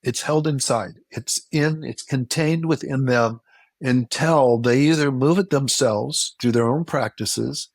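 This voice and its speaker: Man, middle-pitched, relationship expert guest; explanatory, repeats points, animated quoted asides; dry close sound. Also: unhurried, no echo. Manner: animated, acts out quoted reactions with a jump in pitch. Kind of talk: casual interview conversation.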